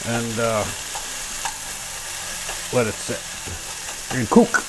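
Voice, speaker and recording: A man's voice: medium pitch, expressive, slow pace, pauses often, background noise. Goofy man cooking in his kitchen. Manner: goofy, talks to himself, silly sound effects. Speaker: home cooking vlogger. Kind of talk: casual cooking chat. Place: small home kitchen.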